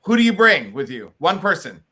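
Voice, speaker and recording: A man's voice: high voice, sing-song, moderate pace, very noisy. A man hosting an interview over a video call, chatting in a playful, upbeat way. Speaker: host. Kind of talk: casual interview chat.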